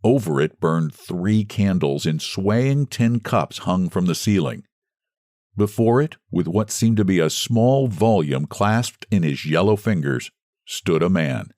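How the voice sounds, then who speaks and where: Man, deep voice, lively up-and-down reading, story narration, dry close sound. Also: a little slow, no echo. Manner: expressive storytelling delivery. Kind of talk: reading a classic short story aloud.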